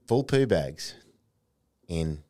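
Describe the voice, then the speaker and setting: An Australian man hosts a relaxed podcast chat. He tells stories with lots of slang, and his pitch swoops up and down all the time. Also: extremely slow. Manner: animated storyteller, colourful slang. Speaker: podcast host. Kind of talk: casual chat.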